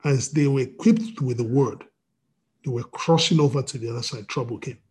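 A pastor reading scripture and preaching over a video call, with frequent restarts and "you know". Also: male voice, mid-range voice, moderate pace, darkish tone, husky.

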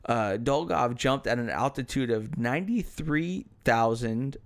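A man's voice: mid-range voice, expressive, a little slow. A young American man co-hosting a podcast in casual chat, rambling and profane, with many hesitant fillers. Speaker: podcast co-host.

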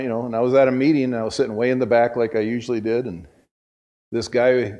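Storytelling male pastor, loud to hushed. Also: medium pitch, steady tone, fast talker. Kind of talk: sermon. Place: church.

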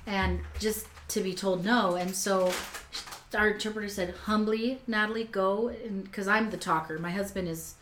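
A woman's voice: mid-range voice, fairly even intonation, normal speed, a crowd in the background. A woman telling a personal story in a casual conversation, talkative and emotional, with many fillers and restarts. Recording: echoey room with faint background noise. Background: faint kitchen sounds.

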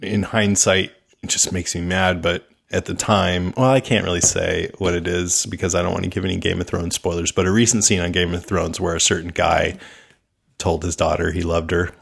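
A man's voice: deep voice, flat delivery, normal speed, creaky, fairly bright tone, breathy edge. A man co-hosting a fan podcast, talking casually and laughing often as he recounts scenes. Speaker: podcast co-host. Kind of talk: casual chat.

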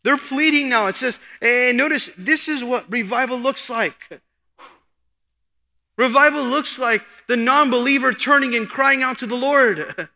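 Male pastor, earnest sermon delivery with emphatic lifts, bright tone, reverberant hall. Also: very high-pitched, measured pace. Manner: earnest preaching, rising for emphasis. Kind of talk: expository sermon.

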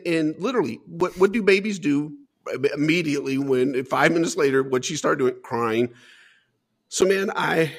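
Gravelly-voiced man telling his story. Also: mid-range voice. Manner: earnest, repeats words, says "man" often. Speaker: interview guest. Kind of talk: emotional personal storytelling.

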